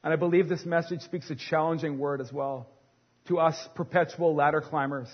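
Middle-aged male pastor, high voice, dynamic sermon delivery, dull lo-fi recording. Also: fairly even intonation, moderate pace, breathy edge. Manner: dynamic preaching, swinging from hushed to loud. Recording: long hall reverb, dull sound.

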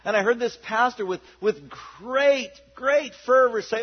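Husky, high-voiced man preaching with fervor. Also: animated, normal speed, hardly any pauses, muffled recording. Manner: impassioned preaching, swinging from hushed to loud. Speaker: pastor. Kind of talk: sermon.

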